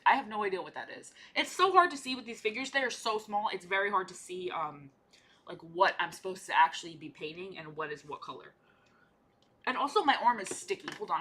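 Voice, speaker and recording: A woman's voice: medium pitch, sharp tone, breathy edge. A young woman chatting casually while painting miniatures, repeating her own lines as she talks. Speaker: art vlogger.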